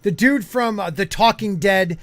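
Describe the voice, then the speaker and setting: A man with a notably high voice hosts a casual streamed podcast. He rambles, restarts his sentences and reads viewer comments aloud, and the sound is close and dry. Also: measured pace, a bit bright, dry recording. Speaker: podcast host. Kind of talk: casual live-stream chat.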